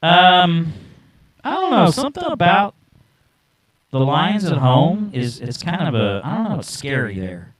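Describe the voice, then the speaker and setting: Lively male podcast host talking football picks. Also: on the high side. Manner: animated, lively picks with quick asides. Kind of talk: casual sports chat.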